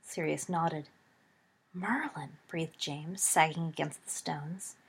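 Husky-voiced woman reading a story. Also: deep voice, slow. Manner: expressive, shifts voice for dialogue. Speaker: audiobook narrator. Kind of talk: storytelling read-aloud of fan fiction.

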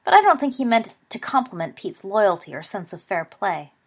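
Woman reader as steady teen boy, firm, cool, storybook. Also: medium pitch, moderate pace, slightly rough. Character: earnest, protective teenage boy.

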